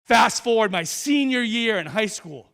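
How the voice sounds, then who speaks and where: A man from New Hampshire giving a motivational speech, telling a story with lively delivery and acting out each character. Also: high voice, measured pace, vocal fry, in a large hall. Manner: animated, acts out every character. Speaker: guest speaker.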